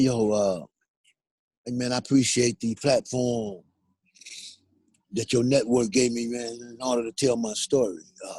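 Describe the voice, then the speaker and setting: A man's voice: medium pitch, a little mellow, husky, dry recording. An older man speaking earnestly as a guest, peppering his talk with "man" and "you understand.". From United States. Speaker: guest, exoneree. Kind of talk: emotional phone interview.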